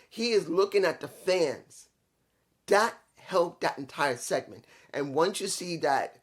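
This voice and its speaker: A young man giving a casual, excitable wrestling review, swearing freely and acting out quotes as he recaps scenes. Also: a little high.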